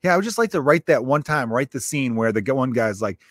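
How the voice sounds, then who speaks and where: A young male stand-up comedian holds forth in a loose, profane podcast monologue, often restarting his sentences mid-thought. His voice sits at an ordinary male pitch. It is recorded close on the mic in a dry space with no room echo. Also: fast talker, few pauses. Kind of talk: casual solo podcast monologue.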